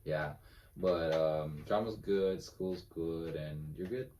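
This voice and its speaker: A man's voice: deep voice, takes it slowly, warm tone. A young man co-hosting a podcast, chatting casually with lots of fillers and restarts. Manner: laid-back, rambling, lots of fillers. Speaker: podcast co-host. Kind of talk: casual chat. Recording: distant mic with faint background noise.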